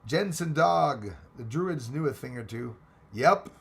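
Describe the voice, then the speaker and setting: Texan male livestream host, gravel-edged voice, chatty and excitable, thanking viewers as he rambles. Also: medium pitch, unhurried. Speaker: livestream host reading chat. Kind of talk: casual live chat.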